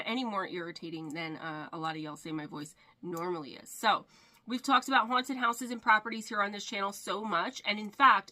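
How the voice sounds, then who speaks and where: A woman's voice: medium pitch, pushed and bright. A woman with a cold talking casually to her viewers, her voice congested and nasal, chatty and self-deprecating. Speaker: paranormal YouTuber. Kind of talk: casual chat to camera.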